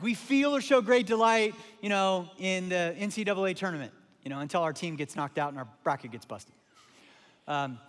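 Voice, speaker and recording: A man's voice: a little high, fairly bright tone, big-room sound. A middle-aged man preaching a sermon as lead pastor, conversational and emphatic, often repeating his phrases. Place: large church auditorium.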